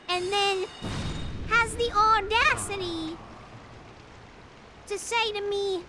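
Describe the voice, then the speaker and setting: A young woman streamer telling stories to her chat in a casual, animated, blunt and profane way that climbs toward yelling. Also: very high voice. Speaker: live streamer. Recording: clear background noise.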